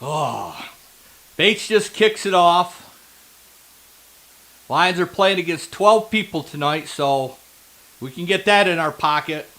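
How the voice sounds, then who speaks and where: A man with a very high, bright voice reacting live to a football game. He rants angrily and swears heavily, heckling the referees over every call. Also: animated, takes it slowly, long pauses, low-quality recording. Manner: angry ranting, heavy swearing. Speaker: football fan.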